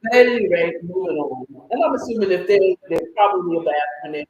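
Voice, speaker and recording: A middle-aged man recapping a story in a casual, animated and dramatic way, his voice at times breaking into cries and shouts. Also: high-pitched, quick pace, muffled recording. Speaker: storyteller host. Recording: echoey room with faint background noise.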